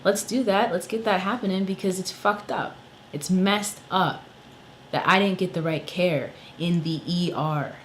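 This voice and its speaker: A man's voice: high-pitched, steady tone, measured pace, a bit bright, a little hiss or hum, low-quality recording. A man, a songwriter, ranting angrily in a casual vlog, swearing often and filling with "you know" and "like". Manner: angry, profane, many fillers. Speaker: songwriter vlogger.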